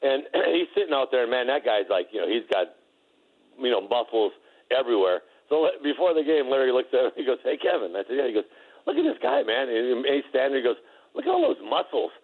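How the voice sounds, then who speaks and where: A middle-aged former player tells stories from his career, often laughing and tripping over his own words. His voice sits at a middle pitch and comes through a dull, muffled phone-in line. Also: lively intonation, brisk. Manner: laughing anecdotes, many restarts. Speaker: former basketball player, guest. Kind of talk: casual storytelling interview.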